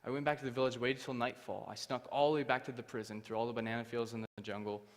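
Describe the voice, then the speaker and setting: A man's voice: mid-range voice, fairly even intonation, fast, big-room sound. A young man giving his testimony from a church stage. He tells the story with animation and acts out the other people's voices. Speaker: guest speaker. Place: church hall.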